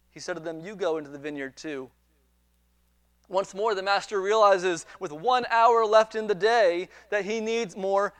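A man with a high voice preaches a sermon. He retells a parable in an animated way, acts out the quoted dialogue and repeats words as he builds each point. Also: dry recording. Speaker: pastor.

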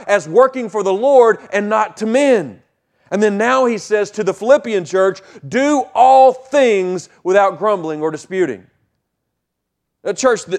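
A pastor preaching a sermon with emphatic delivery, repeating key lines and swinging from loud to hushed. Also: male voice, high-pitched.

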